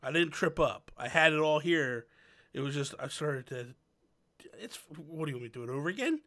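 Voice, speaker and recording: A man's voice: on the high side, animated, a little fast, bright, forceful tone. A man hosting a podcast in casual chat, playful and joking, fussing over his intro. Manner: playful, joking, self-conscious about flubs. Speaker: podcast host.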